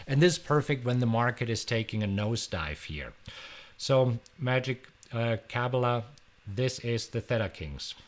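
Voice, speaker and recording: On a live stream, a middle-aged man with a German accent, originally from Germany, answers questions from his audience. His mid-range voice runs at normal speed, and his lively, chatty style is marked by repeated words.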